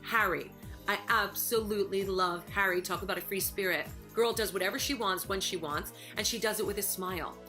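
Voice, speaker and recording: A woman's voice: medium pitch, a little fast, sharp tone, faint music behind. A woman who used to be a housemate, giving sassy, emphatic, gossipy opinions about the people in the house. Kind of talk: recorded opinion piece to camera.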